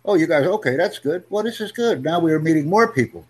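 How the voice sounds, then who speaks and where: A man teaching an English conversation lesson over a video call, upbeat and encouraging, speaking in simple, slowed-down phrases. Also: a little high, lively intonation, a little mellow, slightly rough. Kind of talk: live online English lesson.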